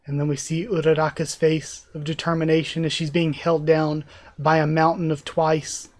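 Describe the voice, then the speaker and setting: A man's voice: on the high side, monotone, normal speed. Een man met een vrij hoge stem reageert live als YouTuber. Hij leest een manga voor en geeft geanimeerd, emotioneel commentaar. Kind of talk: live reaction, reading aloud.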